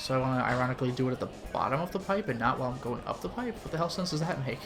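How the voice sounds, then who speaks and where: A man's voice: medium pitch, lively intonation, rapid-fire. Guy streaming an old game, chatty and rambly, lots of "like", faint game music under him. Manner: chatty and rambling, with frequent "like" fillers. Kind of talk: casual gameplay commentary.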